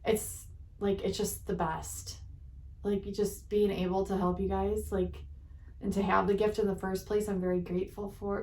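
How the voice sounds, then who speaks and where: A woman's voice: mid-range voice, little pitch movement, normal speed, dark tone. A tired woman reading channeled messages, chatting to her viewers in a rambling, giggly, self-mocking way. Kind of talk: casual rambling chat to viewers. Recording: roomy echo, distant from mic.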